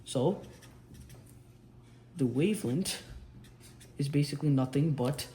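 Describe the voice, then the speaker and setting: A young man teaches physics at a whiteboard in a casual, tutor-like way, drawing as he talks and frequently restarting his sentences. His slightly high voice has a dark tone and a slow pace, recorded in a roomy space with faint background noise.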